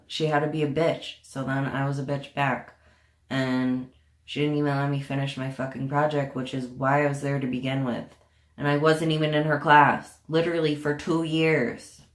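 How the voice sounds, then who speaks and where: A young woman telling a storytime vlog in a casual, profane and indignant way, full of sarcasm. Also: sits low. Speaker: vlogger. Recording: echoey room.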